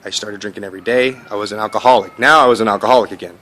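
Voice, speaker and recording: A man's voice: lowish voice, steady tone, very fast, bright, forceful tone, slight background noise. A man telling his own story in a candid, rambling way, full of false starts and repeated words, from his home. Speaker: online entrepreneur sharing his story. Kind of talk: casual personal storytelling. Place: at home in India, dog and kids nearby.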